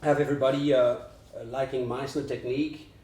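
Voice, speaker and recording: A man's voice: mid-range voice, flat delivery, a little fast, warm tone. A man, an actor guest, giving earnest and emphatic advice in a casual interview chat. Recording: roomy sound from a distant mic.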